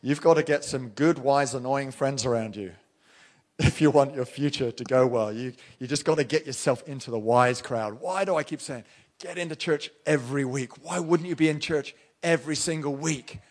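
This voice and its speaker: A man's voice: mid-range voice, normal speed. A man preaching a sermon as pastor, talking directly and emphatically and firing rhetorical questions at his listeners.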